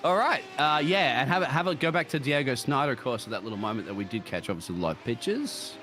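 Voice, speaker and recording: An Australian man commenting on a sim racing broadcast, joking and laughing often, with excitable jumps in pitch. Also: fast talker, slight background noise. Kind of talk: live race commentary banter.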